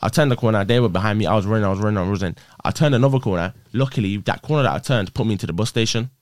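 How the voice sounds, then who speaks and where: A young man, a podcast guest, telling a story in casual chat, slangy and animated, swearing freely and checking that his listener is following. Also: fairly low pitch, rapid-fire. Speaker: podcast guest, prank creator.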